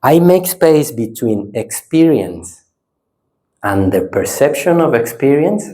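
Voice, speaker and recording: Animated monk giving a dharma talk. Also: male voice, mid-range voice, slow. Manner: animated, playful, swings from lively to hushed; non-native English with simple phrasing and tag "ne?". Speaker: Buddhist monk teaching a retreat. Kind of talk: dharma talk with audience exercises.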